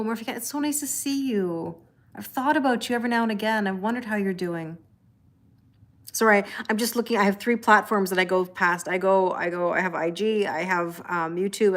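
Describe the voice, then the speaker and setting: A middle-aged woman hosting a casual tarot live stream at home, chatting and greeting viewers by name, laughing often. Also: mid-range voice. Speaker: tarot reader livestream host.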